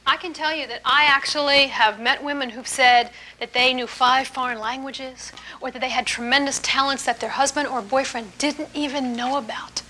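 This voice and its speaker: A woman giving a live relationship seminar to an audience, lively and emphatic, often playful. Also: high voice, a little hiss or hum. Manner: lively, emphatic, playful, laughs while teaching.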